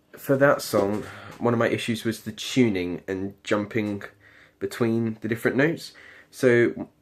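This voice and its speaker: A young man with a British accent talking casually about his singing practice in a rambling, hesitant way. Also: fairly low pitch. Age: late teens. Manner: rambling, hesitant, many ums and restarts. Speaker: performing arts student. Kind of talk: casual video diary.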